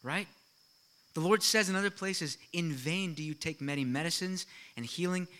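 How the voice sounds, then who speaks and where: A middle-aged man preaching a sermon to his congregation, animated and full of rhetorical questions and quick asides. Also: a little high. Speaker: pastor.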